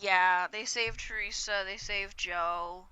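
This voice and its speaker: A young woman co-hosting a podcast, congested and stuffy-nosed, rambling through an animated episode recap. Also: mid-range voice, highs cut off, slight background noise. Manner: rambling, animated retelling with quick voiced quotes. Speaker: podcast co-host. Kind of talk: casual chat, episode recap.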